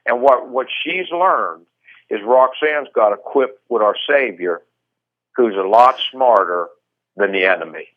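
A man guesting on a radio show, telling stories with a lively, swooping pitch. He talks in an animated way and throws in quick jokes and asides. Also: narrow, tinny audio. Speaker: guest speaker. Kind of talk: radio interview talk.

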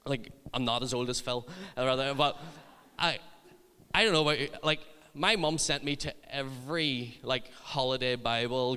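A man's voice: medium pitch, bright, forceful tone, clean tone. Male youth preacher, chatty and funny, resonant voice with long hall echo. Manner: humorous, chatty anecdotes. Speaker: youth ministry leader. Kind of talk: sermon storytelling.

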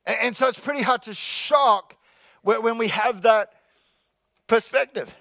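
High-voiced jokey male pastor. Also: gravelly, bright, forceful tone, no echo. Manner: jokey, repeats key lines slowly, calls out "come on, somebody". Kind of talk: sermon. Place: church sanctuary with congregation.

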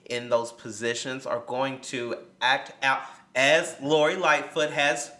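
A man's voice: mid-range voice, slow pace. A man co-hosting a casual podcast discussion, telling stories with animation and acting out quotes. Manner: animated storyteller, acts out quotes. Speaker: podcast co-host. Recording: echoey room.

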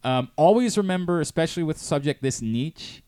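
A man's voice: medium pitch, very animated, a little fast, dry recording. A male show host in casual studio chat, rambling and interrupting as he jumps from thought to thought.

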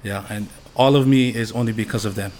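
A man's voice: lowish voice, steady tone, a little fast, darkish tone. A man from Hawaii, a farmer and father, speaking as a podcast guest in a humble, earnest way and laughing easily. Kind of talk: casual podcast interview.

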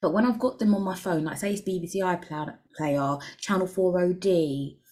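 Young woman, podcast host, lowish voice, candid, crude humor, rambling. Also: moderate pace, warm tone. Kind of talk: casual solo podcast chat.

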